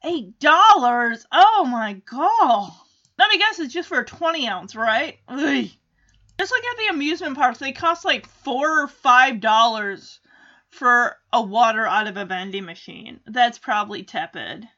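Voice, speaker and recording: Bright, high, lively woman recapping a show. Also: normal speed, muffled recording. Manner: chatty, acts out characters' lines. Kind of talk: casual episode recap.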